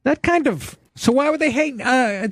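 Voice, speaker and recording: A man's voice: very high-pitched, moderate pace, slight background noise. A man hosting a casual comedy podcast, joking and incredulous as he chats with his guest. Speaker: podcast host.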